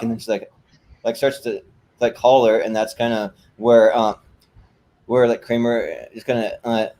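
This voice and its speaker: A man's voice: medium pitch, fairly even intonation, normal speed, warm tone. A man co-hosting a casual podcast, rambling through scene retellings with lots of restarts and "like". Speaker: co-host.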